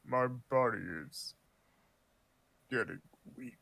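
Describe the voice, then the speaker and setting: A man voicing a menacing, weary king of cards from a game, in a slow, grand manner. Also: mid-range voice, steady tone, gravelly, sharp tone, heavily acted. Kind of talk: fan voice-over of game dialogue.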